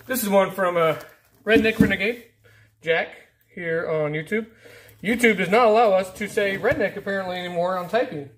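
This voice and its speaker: A man hosting a casual mail-call vlog, rambling and easygoing as he opens packages, often trailing off into low mutters. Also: normal speed. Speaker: YouTube channel host. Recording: faint background noise.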